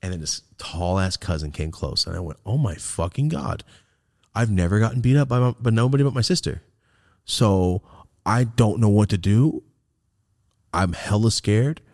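A man's voice: lowish voice, moderate pace. A man hosting a podcast, telling a story in casual chat, swearing freely and acting out the voices of the people in it. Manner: animated, profane, acts out the voices in his stories. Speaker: podcast host.

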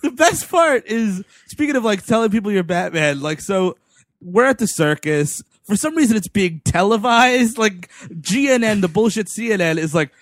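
A man's voice: high voice, animated, normal speed, no echo. A man co-hosting a casual comedic movie chat, recapping scenes with jokes. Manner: storytelling recaps with acted quotes. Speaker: podcast co-host.

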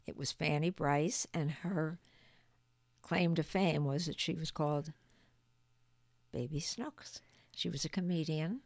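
An older woman, a grandmother and podcast guest, talking gently and graciously in a home basement. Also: low-pitched, a little slow, pauses often, no echo. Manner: gentle, gracious, often thanking. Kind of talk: casual conversation.

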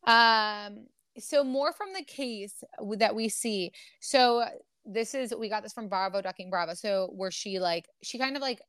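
Animated woman podcaster, dry close sound. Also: medium pitch, unhurried, clean tone, dry recording. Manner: animated, swearing, frequent fillers. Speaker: podcast host. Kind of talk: casual gossip chat, reading texts aloud.

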